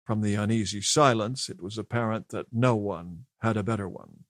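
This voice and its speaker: A man reading an audiobook as narrator in a measured, even storytelling manner. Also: on the low side, no echo, studio quality. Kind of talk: scripted narration.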